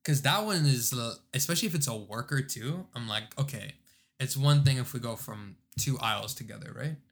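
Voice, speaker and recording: A man's voice: mid-range voice, fairly quick. A young man chatting casually in a laid-back way, telling stories with slang asides. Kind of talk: casual chat.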